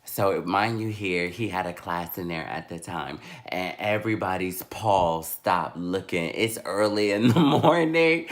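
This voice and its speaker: A man in his twenties tells a story-time vlog in a sassy, animated way. He takes his time with it and leans into the drama. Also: fairly low pitch, measured pace, few pauses. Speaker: vlogger.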